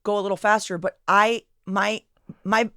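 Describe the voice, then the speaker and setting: Woman voice actress chatting with quick play. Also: medium pitch, no echo, studio quality. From Venezuela. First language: Spanish. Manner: lively, slips into put-on accents. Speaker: podcast guest, comic and voice actress. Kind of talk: casual chat.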